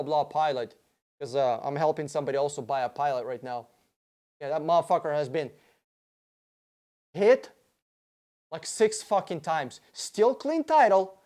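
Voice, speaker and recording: A man hosting a casual livestream Q&A, reading out viewer questions and answering them in a profane, excitable, rambling way. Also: a little high.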